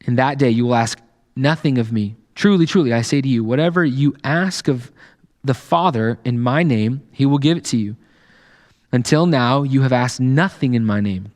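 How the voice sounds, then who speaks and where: A man's voice: mid-range voice, moderate pace, darkish tone, big-room sound. A man preaching a sermon, reading scripture and explaining it casually, with fillers and growing passion. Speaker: pastor. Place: church sanctuary.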